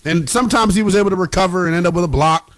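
A man giving casual, animated sports analysis on a talk show, playful and emphatic. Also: high-pitched, rapid-fire.

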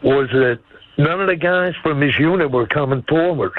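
A man's voice: on the high side, moderate pace, no echo. Older man calling in over a phone line. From Maine. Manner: rambling, folksy, blunt. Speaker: caller.

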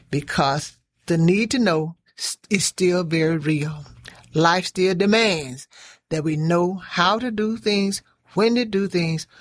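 A woman giving a motivational radio talk, preaching and repeating lines for emphasis. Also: lowish voice. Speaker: community program leader.

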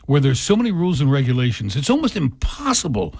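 A man's voice: medium pitch, huge pitch swings, quick pace, creaky, darkish tone, breathy edge, no echo. A male radio talk show co-host, giving opinions with many restarts.

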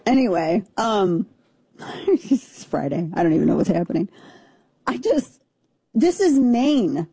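A woman's voice: fairly low pitch, animated, a little slow, vocal fry, mellow, husky, no room sound. A woman in her forties, co-hosting a casual on-air chat, telling stories with self-mocking asides. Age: 40s. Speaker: radio show co-host.

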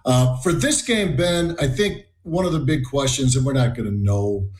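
A man giving measured, analytical commentary on a sports talk show. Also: mid-range voice, darkish tone, echoey room.

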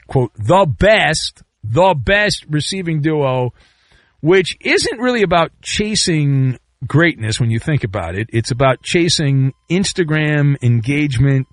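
A man hosting a sports talk show, riffing sarcastically and swinging between loud bursts and low asides. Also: no room sound. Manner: sarcastic, riffing with mock quotes. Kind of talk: sports talk radio commentary.

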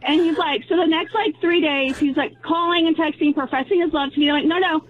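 A woman caller in her forties tells her story in a chatty, laughing way. Her voice sits very high. It comes through a thin, phone-like line. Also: fairly even intonation, brisk.

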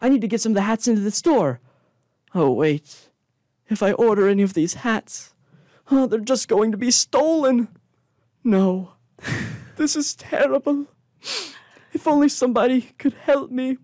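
A man's voice: very high voice, animated, normal speed, long pauses, a little mellow, no echo, voice pushed up. A man voicing a fretful old male kobold who runs a hat shop, whining and sighing in a dry, close tabletop game recording. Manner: whiny, weepy, frets and sighs.

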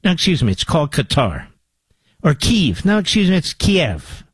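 A man's voice: on the high side, sing-song, normal speed, husky, dry recording. An older man hosting a talk radio show, with a combative, sarcastic monologue and mocking asides to his producer.

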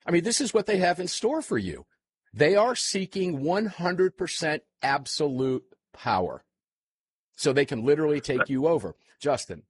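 A man hosting a panel talk show, animated and quick to laugh along, handing off to his guests. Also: a little high, slightly rough, no room sound.

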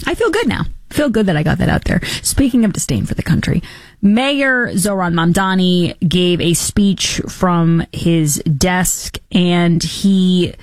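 A woman hosting political commentary, talking in a sarcastic, mocking and animated way. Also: on the low side, unhurried, no echo, soft background music.

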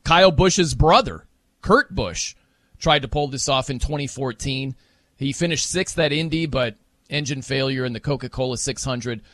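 A man hosting a casual sports talk show, chatting with animated energy and breaking into playful mock voices. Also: medium pitch, normal speed, dry recording. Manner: animated, mimics wrestling announcers for laughs.

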